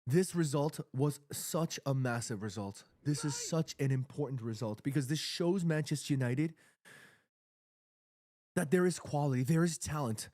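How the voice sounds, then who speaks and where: An excitable man hosts a live football watchalong from his apartment, chatting to his viewers in loose, slangy fan talk that swings into emotion. His voice sits a little high. It sounds close and dry, like a home streaming mic. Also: moderate pace, dry recording. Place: home apartment with neighbors nearby.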